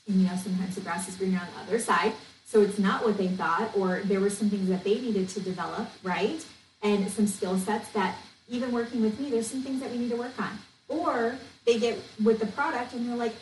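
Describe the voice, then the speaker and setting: A woman's voice: on the high side, fairly quick, a little mellow. A woman hosting a podcast, talking passionately and bluntly, venting and coaching. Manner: passionate, blunt, venting, says "okay?" often. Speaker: podcast host, network marketing coach. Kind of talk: fired-up solo podcast talk. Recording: echoey room, distant mic, faint noise.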